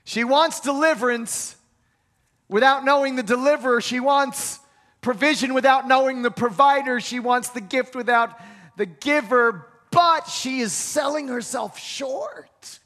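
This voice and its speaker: A man's voice: extremely high pitch, unhurried, sharp tone. A man preaching a sermon, building to emphatic peaks and repeating key phrases. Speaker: pastor. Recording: long hall reverb.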